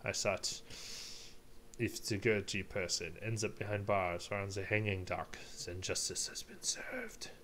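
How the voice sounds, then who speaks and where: A man reading the part of a reflective prosecutor in a video game, speaking slowly and in a hushed, earnest way. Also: fairly low pitch, lively intonation, a little hiss or hum. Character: reflective prosecutor turned idealist.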